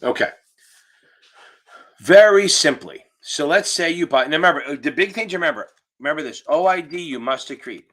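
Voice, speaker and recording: A man runs a live exam-prep class through his computer mic. His voice is bright and forward, and he explains at an easy pace. He jokes around and drops the odd swear word as he goes. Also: on the high side, animated, fairly quick. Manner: casual, profane, joking teacher. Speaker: exam tutor. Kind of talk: live online Q&A lesson. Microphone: computer mic on a video call.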